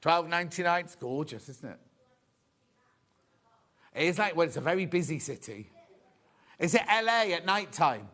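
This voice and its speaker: Chatty man, higher-pitched voice. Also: lively intonation, normal speed, pauses often, fairly bright tone. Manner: chatty, cheerful, chats with crew off camera. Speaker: shopping channel presenter. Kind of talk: live on-air sales patter. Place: TV studio.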